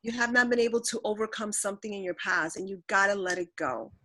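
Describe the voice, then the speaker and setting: A woman's voice: medium pitch, sharp tone, poor audio. A woman speaking on a motivational team call, telling her own story in a candid, filler-filled way. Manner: candid, fast, full of fillers. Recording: conference call.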